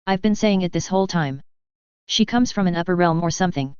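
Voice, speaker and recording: A cocky young man in a fantasy audiobook, boasting and mocking, as a narrator reads him. The voice stays very smooth. The recording is dry and a little dull. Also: medium pitch, a little fast, a little mellow, no room sound, close to an everyday voice. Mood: boastful.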